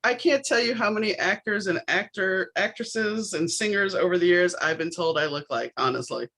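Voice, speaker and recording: Middle-aged woman from new orleans, podcast host, bright clear voice, chatty storyteller doing little voices. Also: lowish voice, moderate pace, slight background noise, poor audio. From New Orleans, USA. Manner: acts out the quoted voices in her stories. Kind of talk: casual conversational storytelling.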